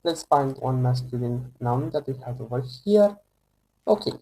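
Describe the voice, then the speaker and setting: A man teaching an online French lesson to English speakers, talking slowly and hesitantly with many fillers and restarts. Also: mid-range voice, expressive, mellow, rough recording. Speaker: French tutor.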